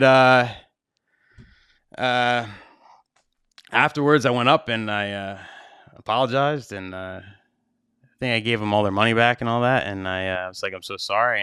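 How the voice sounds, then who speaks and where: A man's voice: lowish voice, fairly bright tone, smooth, no room sound, clean studio sound. A young man, a DJ hosting his own show, telling a story casually and animatedly, swearing freely and acting out his own panic. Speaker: wedding DJ and show host.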